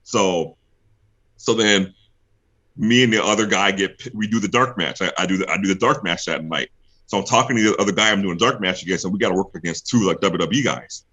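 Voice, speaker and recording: A man's voice: low-pitched, fairly quick, bright, forceful tone, husky. A young man guesting on an interview show, telling a story casually, acting out what other people said and laughing often. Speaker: guest, pro wrestler.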